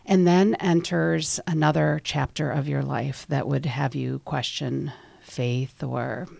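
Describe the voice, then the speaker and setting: A woman hosting an interview, gently summarizing and sympathetic toward her guest. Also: sits low, steady tone, slow pace, creaky, dry recording. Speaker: interview host.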